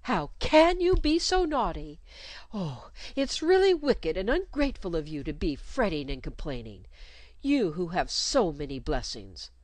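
A woman's voice: mid-range voice, sing-song, moderate pace, dry recording, pitched above the performer's own voice, natural voice. A woman doing a fussy, plaintive governess. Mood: reproachful. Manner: plaintive, coaxing, reproachful. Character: fussy, self-pitying small woman governess.

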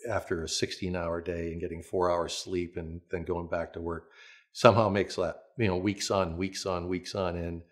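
Deep-voiced older man telling stunt stories. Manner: relaxed anecdotal, frequent restarts and chuckles. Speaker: veteran stunt performer and coordinator. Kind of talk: interview storytelling.

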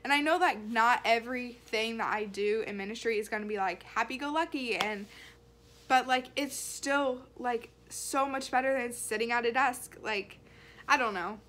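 A woman's voice: on the high side, moderate pace, fairly bright tone, slight background noise. A young woman talking casually to her camera, earnest and rambling, with lots of likes and ums. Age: young adult. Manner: earnest, rambling, many fillers. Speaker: vlogger. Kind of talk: casual faith vlog.

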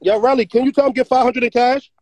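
A man's voice: very high-pitched, steady tone, fast talker, darkish tone. A man on a livestream heckling a guest and repeating his demands over and over.

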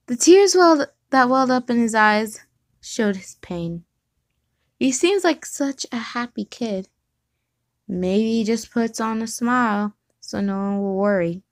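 A woman's voice: on the high side, animated, unhurried, no echo. Woman reader, casual and giggly, reads fan fiction with self-corrections, dry close mic. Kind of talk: reading fan fiction aloud.

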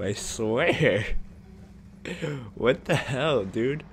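A young man giving casual commentary over his own gameplay, excitable and trash-talking, swinging between low mumbles and sudden shouts. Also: a little slow, slight background noise. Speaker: gaming channel host.

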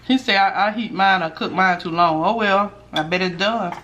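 A middle-aged woman hosting a mukbang at home, chatting casually with viewers while eating and sometimes dropping to a hushed voice. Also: medium pitch, normal speed. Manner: chatty, talks while chewing, drops to a hushed voice for gossip. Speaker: mukbang host.

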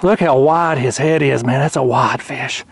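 A man's voice: mid-range voice, husky, no room sound. A man hosting a fishing vlog from his kayak, exclaiming and out of breath. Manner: excitable, exclaiming, drawn-out words. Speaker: fishing channel host. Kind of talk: excited outdoor vlog. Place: kayak on a lake outdoors.

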